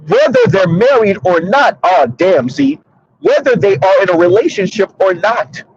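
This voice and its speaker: A commentary streamer in his thirties speaks straight to his audience in a sassy, preachy monologue. His high voice is very animated and slightly rough at normal speed, with dull lo-fi sound.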